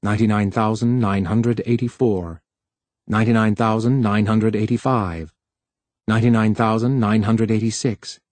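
A man narrating an audiobook in a steady, measured reading voice. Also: lowish voice, no room sound. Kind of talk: scripted narration.

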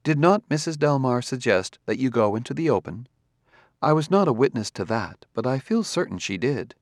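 Cast a male actor as an unflappable robot detective, formal and measured, mid-pitched, dry close sound. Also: sing-song, dry recording, close to an everyday voice. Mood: calm. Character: calm, precise male humanoid robot detective. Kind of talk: audiobook character reading.

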